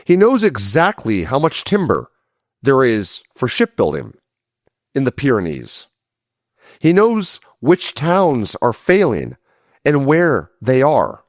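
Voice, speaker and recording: A man narrating a history series, reading a script with a conversational touch and casual asides. His pace is slow and measured, and his pitch swings widely for emphasis. The sound is dry and close. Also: wildly swooping pitch, dry recording.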